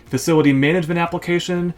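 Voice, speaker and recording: A man hosting a screen-share walkthrough, reading feature lists aloud in a casual way, with filler words and quick asides. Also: on the high side, fairly even intonation. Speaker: host reviewing software store apps.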